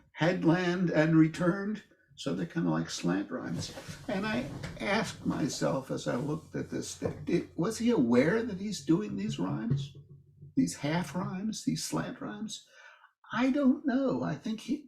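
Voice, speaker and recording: Gravelly older man lecturing slowly. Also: darkish tone, reverberant. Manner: thoughtful, halting, with frequent restarts and "uh"s; livelier and higher when reading verse aloud. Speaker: lecturer teaching a poetry class. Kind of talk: informal classroom lecture.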